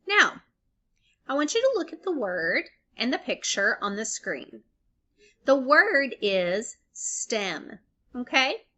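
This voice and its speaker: A young adult woman teaches a recorded phonics lesson for small children. She speaks very slowly, sounding out each syllable with care and praising answers. Her voice is bright and sits a little high. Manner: slow, clearly segments sounds and syllables, encouraging.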